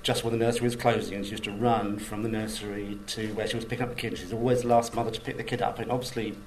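A man, a screenwriter, talks in a rambling, hesitant, wry way. His voice sits a little low and sounds a step back from the mic, with a faint hum of ambience behind. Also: little pitch movement, rapid-fire, recorded from a distance, poor audio. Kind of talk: interview.

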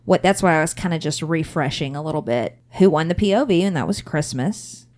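Low-voiced woman recapping on a podcast. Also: fairly quick, a little mellow. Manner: recaps events, reads details aloud. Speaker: podcast co-host. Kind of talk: casual chat.

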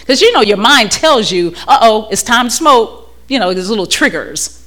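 Bright, lively woman giving a candid testimony. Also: a little high, normal speed. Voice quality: frank and chatty, often laughing, repeats words as she restarts. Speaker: speaker giving a personal testimony. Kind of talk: candid, humorous church testimony. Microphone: handheld microphone.

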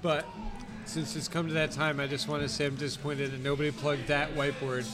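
A man in a casual podcast chat, talking in a relaxed way with many ums. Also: a little high, fairly quick. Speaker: podcast co-host.

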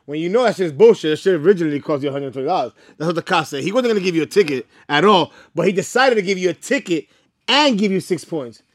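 A man co-hosting a casual podcast, bantering in a fast, profane way. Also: sits high, expressive, no room sound, clean studio sound. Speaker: podcast co-host. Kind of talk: casual chat.

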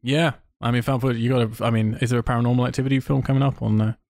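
Fast-talking, swearing male podcast host. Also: mid-range voice, fairly even intonation, gravelly, darkish tone, no room sound, clean studio sound. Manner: fast, enthusiastic, swears freely. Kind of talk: casual chat.

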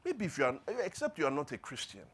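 Animated preacher. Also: male voice, quick pace. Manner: rhetorical questions, builds to loud emphatic peaks then drops low. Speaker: pastor. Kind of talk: sermon. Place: church.

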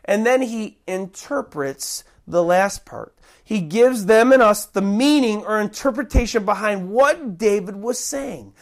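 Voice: mid-range voice, animated. Emphatic preacher with shifting pace. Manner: emphatic, shifting pace with slow stressed phrases. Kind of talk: sermon.

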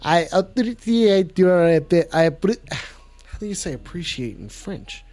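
A man's voice: high-pitched, sing-song, slow pace, a little mellow, soft background music. A man hosting a live call-in show in a clumsy put-on French accent, playful and rambling.

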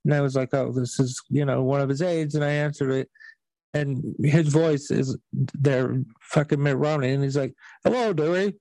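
A man's voice: medium pitch, level tone, moderate pace, vocal fry, dark tone, dry recording, low-quality recording. A man hosting a podcast, telling stories in casual chat with blunt, profane language. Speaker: podcast host.

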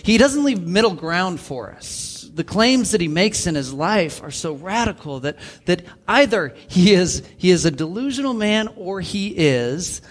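Emphatic man preaching, fairly high voice. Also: animated, a little slow, few pauses. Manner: emphatic, quotes scripture and authors. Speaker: pastor. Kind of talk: sermon. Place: church.

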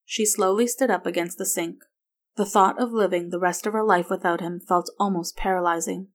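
A woman narrating a story in a steady, even reading voice. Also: lowish voice, moderate pace.

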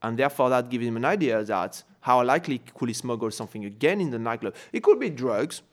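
A man from France speaking English with a French accent on a casual podcast. His mid-pitched voice is careful and measured, and he pauses to search for the right English word. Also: very animated. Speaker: podcast co-host. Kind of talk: casual comedic podcast chat.

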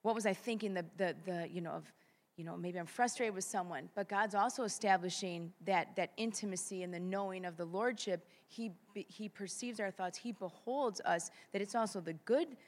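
A woman's voice: mid-range voice, normal speed. Reflective woman in a reverberant room. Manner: reflective, thinks aloud with restarts. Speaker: Bible study participant. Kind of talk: sharing thoughts in a class discussion.

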